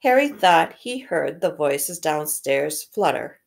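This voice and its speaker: A woman reading a novel aloud slowly, correcting her slips and pausing to comment on the story. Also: lowish voice, very animated, gravelly. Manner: slow, careful, stops to correct misread words. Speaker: reader. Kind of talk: read-aloud with think-aloud comments.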